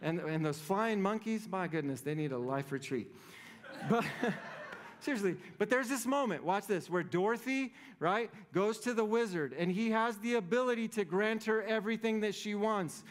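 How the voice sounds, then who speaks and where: A man's voice: high-pitched, expressive, moderate pace. A man preaching a sermon as pastor, conversational and playful, often checking in with the congregation. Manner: conversational, playful, keeps asking "right?".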